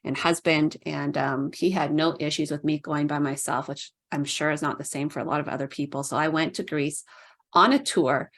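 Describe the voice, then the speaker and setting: Chatty middle-aged woman with a low voice. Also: fairly even intonation, normal speed, vocal fry, a bit bright. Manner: chatty, fills speech with "like", puts on voices for quoted people. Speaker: podcast guest. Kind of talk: casual storytelling.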